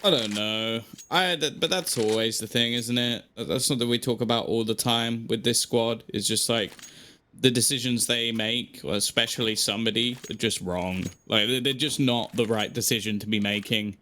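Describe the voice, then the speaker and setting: A man's voice: mid-range voice, sharp tone, a little hiss or hum. Chatty male esports commentator. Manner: chatty, self-deprecating, quick reactions. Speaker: esports caster.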